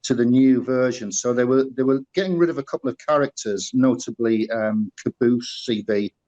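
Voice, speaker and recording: A man's voice: mid-range voice, fairly even intonation, moderate pace, warm tone, highs cut off. A middle-aged man with a Northeast English Teesside accent, answering interview questions in a loose storytelling way. He talks casually, trailing off into fillers and repeating words as he restarts his thoughts. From England, northeast (Middlesbrough). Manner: rambling, many fillers and restarts. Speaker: guest, former musical performer.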